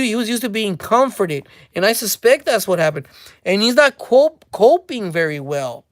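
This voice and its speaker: A woman's voice: mid-range voice, no echo, studio quality. A woman hosting a casual commentary rant, mocking and speculative, repeating her phrases for emphasis. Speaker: commentary channel host.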